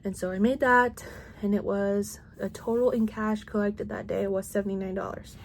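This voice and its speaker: A woman's voice: mid-range voice, flat delivery, moderate pace, vocal fry, darkish tone, a little hiss or hum. A woman in her thirties, a crochet vlogger, chatting casually at home and rambling with lots of "like" and restarts.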